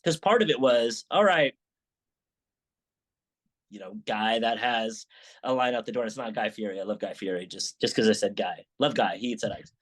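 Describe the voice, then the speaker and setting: Animated man telling stories. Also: on the low side, normal speed. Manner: animated storytelling with many restarts and acted quotes. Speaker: sandwich shop founder, guest. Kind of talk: casual interview chat.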